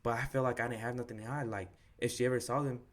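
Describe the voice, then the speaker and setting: A young man co-hosting a podcast candidly retells a breakup in slangy, profane everyday talk. He talks fast with a medium-pitched voice and fairly even intonation.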